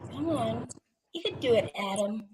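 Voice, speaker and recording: A woman in her thirties on a ghost hunt, pleading and coaxing an unseen spirit, excitable and quick to gasp. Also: on the high side. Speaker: paranormal investigator. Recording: noisy field recording.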